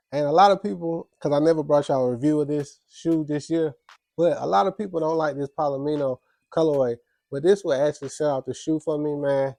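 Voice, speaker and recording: A man's voice: on the high side, mellow, dry recording. A young man with a congested voice, chatting casually in slang as he recaps his favorite pickups. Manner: laid-back slangy chatter. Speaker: sneaker vlogger.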